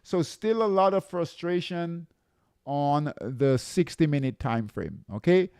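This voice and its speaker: Slow gravelly man coaching traders. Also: on the high side, expressive, a little mellow, no echo, clean studio sound. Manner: repetitive, checks in with "okay?" and "right?". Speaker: trading coach. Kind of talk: live chart walkthrough.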